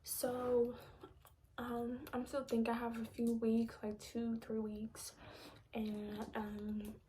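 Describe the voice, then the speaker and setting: A young woman telling a personal story on a live stream, speaking softly and slipping into a breathy near-whisper as she holds back tears. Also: fairly high pitch, completely flat delivery, takes it slowly, slight background noise. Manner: soft-spoken, drops often into a breathy near-whisper. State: emotional, holding back tears.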